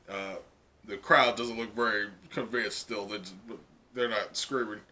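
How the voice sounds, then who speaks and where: Bright, chatty man reacting to a comic. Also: on the low side, unhurried. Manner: casual, excited, lots of "like" and laughing. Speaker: manga reaction streamer. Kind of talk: live reading reaction.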